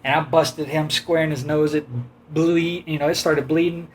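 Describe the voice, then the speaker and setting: A man tells a sprawling, animated story in a casual chat, full of quoted voices and laughter. His voice sits a little high for a man. A faint hum runs underneath the recording. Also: normal speed. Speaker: host telling a story.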